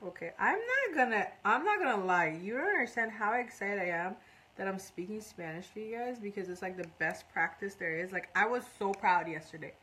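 A woman's voice: medium pitch, animated, fairly quick, sharp tone, slight background noise, low-quality recording. Chatty woman mixing in learner's Spanish. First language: English. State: runny nose. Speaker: makeup artist streaming live. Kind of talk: casual live-stream makeup tutorial.

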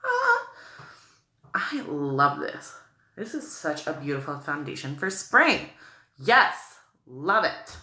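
A woman's voice: low-pitched, wildly swooping pitch, takes it slowly, pauses often, pushed and bright, roomy sound. A woman from New England chatting through a makeup tutorial, gushing about products and full of "like" and "okay.". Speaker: beauty vlogger.

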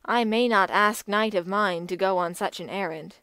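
A woman's voice: mid-range voice, normal speed, a bit bright, clear, resonant tone, no echo, lightly acted. A woman reading an audiobook, voicing a stern older king who speaks in a grave, formal manner. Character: stern, commanding old male king.

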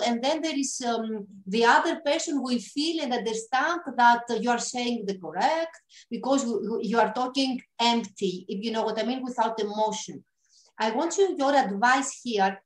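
Enthusiastic woman host in a roomy space. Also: a little high. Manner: enthusiastic, agreeing, non-native phrasing. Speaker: interview host. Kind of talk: conversational interview.

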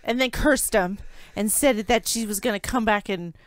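A woman's voice: mid-range voice, normal speed, no echo. A woman co-hosting a podcast, chiming in with short remarks in casual movie chat, now and then swearing. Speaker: podcast co-host.

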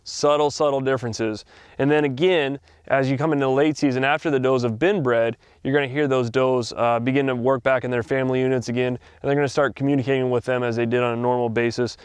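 A man explains hunting calls at a quick clip, his voice smooth and clear. The delivery is brisk and instructional, with a few filler pauses. The sound is dry and close. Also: medium pitch, fairly even intonation, no room sound. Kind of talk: instructional talk.

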